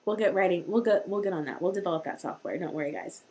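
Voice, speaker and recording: A woman's voice: lowish voice, animated, quick pace, few pauses, dark tone. Chatty, rambling woman host. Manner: chatty and rambling, with many restarts. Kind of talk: live-streamed parenting talk.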